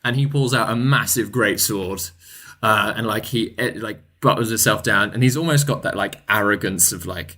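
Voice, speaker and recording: A man's voice: fairly low pitch, moderate pace, sharp tone. A man narrating as game master in a chatty style full of fillers.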